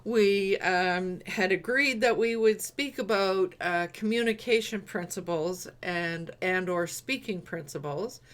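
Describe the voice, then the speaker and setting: Host, woman, slow and halting delivery, casual group video chat. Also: mid-range voice. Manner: slow, hesitant, many fillers and laughs. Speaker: host of an online group meeting.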